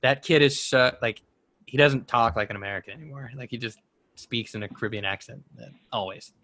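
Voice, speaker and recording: A man's voice: mid-range voice, fairly quick, pushed and bright. A man in his twenties chatting casually as a podcast co-host, rambling through a personal story with many restarts. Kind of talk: casual chat.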